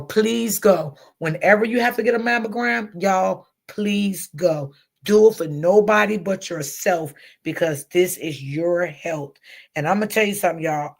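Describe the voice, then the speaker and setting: A middle-aged woman hosting a casual livestream, chatting warmly and reading out viewer comments. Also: lowish voice, vocal fry. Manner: chatty, talks straight to viewers. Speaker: livestream host.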